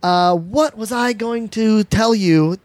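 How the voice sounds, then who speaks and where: Man, host, casual chat, high voice, laid-back, hesitant fillers, dry close sound. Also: takes it slowly, no echo. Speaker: podcast host presenting news.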